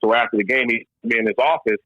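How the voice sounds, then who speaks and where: A man's voice: medium pitch, fast, dry recording. A man from Louisville, a former pro baseball player, telling his story in a casual interview and tossing in "man" a lot. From Louisville, Kentucky, US. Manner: animated, repeats "man" and restarts often. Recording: dull lo-fi dry sound.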